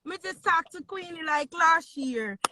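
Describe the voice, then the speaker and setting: A woman's voice: very high voice, animated, unhurried, pushed and bright, a little hiss or hum. A Jamaican woman, a fan calling into a live stream on her phone, gushing and pleading and repeating herself.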